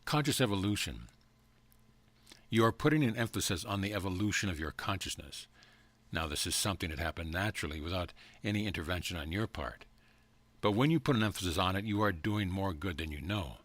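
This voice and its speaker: Deep-voiced man reading calmly. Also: fairly quick, no echo. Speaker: audiobook reader. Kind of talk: reading a channeled spiritual message.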